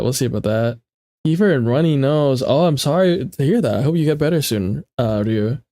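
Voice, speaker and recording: A man's voice: mid-range voice, dark tone, no room sound, studio quality. A young man streaming casually, chatting playfully with his viewers and often repeating himself, with a stuffy nose. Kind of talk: casual livestream chat with viewers.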